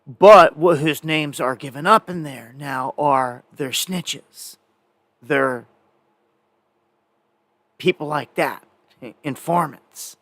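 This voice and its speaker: A man's voice: fairly high pitch, takes it slowly, long pauses, fairly bright tone, no echo. Rambling man hosting live news. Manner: rambling, conversational, frequent fillers and restarts. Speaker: independent news show host. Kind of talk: casual live news commentary.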